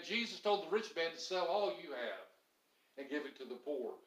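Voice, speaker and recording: Guy preaching a sermon, lively, kinda high voice, echoey church room. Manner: animated preaching, voices the grumbling crowd. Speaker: pastor.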